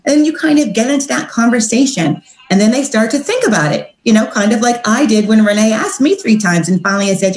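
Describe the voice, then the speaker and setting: An upbeat, chatty woman talks through her sales approach like a relaxed coaching session. She slips into a brighter, higher voice when she acts out the messages she sends. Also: brisk, hardly any pauses, reverberant, low-quality recording. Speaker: direct sales team trainer. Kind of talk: casual training talk.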